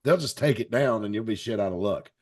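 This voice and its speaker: A man's voice: lowish voice, expressive, brisk, crowd noise. A man hosting a wrestling panel show, talking in a rambling, wry, joking way. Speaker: podcast host. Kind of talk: casual chat.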